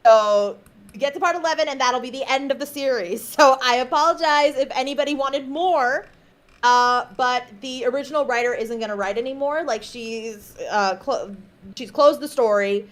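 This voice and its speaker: A woman co-hosting a casual livestream, chatting warmly and laughing often between sentences. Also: high voice, moderate pace. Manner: reassuring, fond teasing. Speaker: stream co-host.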